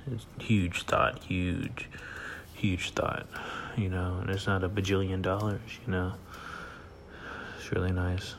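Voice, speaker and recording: Sleepy low-voiced man rambling on his podcast. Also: little pitch movement, takes it slowly, slight background noise. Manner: rambling, laid-back, laughs often, trails off with fillers. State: sleepy, yawning. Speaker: podcast host. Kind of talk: casual solo podcast monologue. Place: at home at night.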